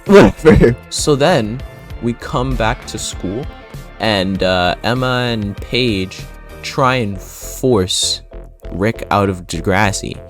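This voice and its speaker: A man rambles casually through a TV show recap, swearing freely and breaking into laughter. His pitch swoops lively up and down as he talks. Faint music plays underneath. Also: takes it slowly. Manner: rambling, profane, laughs often. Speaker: video creator.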